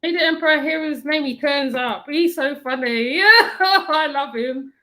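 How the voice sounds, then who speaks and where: High-voiced chatty woman. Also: normal speed. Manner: animated, laughs a lot, repeats herself. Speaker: host. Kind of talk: casual chat.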